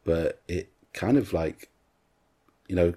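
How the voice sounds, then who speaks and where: A man's voice: deep voice, takes it slowly, warm tone, husky. A man co-hosting a podcast in casual film chat, retelling scenes at length and quoting the characters' lines. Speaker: podcast co-host.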